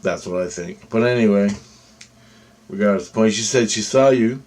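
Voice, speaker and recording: A man's voice: lowish voice, moderate pace. A man casually telling a personal story, rambling with restarts and acting out other people's quoted lines. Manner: rambling, animated, acts out quotes with fillers and restarts. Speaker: vlogger telling personal experiences.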